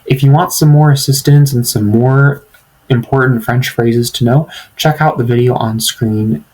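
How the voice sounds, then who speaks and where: A man's voice: mid-range voice, steady tone, moderate pace, a little mellow, rough recording. A man teaching beginners in a language tutorial, speaking patiently and repeating each phrase for learners to follow. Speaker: French teacher.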